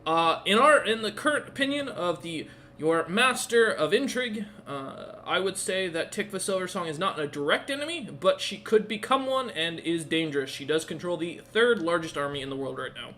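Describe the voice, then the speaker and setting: A man voicing a loyal male royal guard and spymaster who reports formally and shouts his answers. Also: high-pitched, lively intonation, moderate pace, few pauses, slight background noise, voice pushed up.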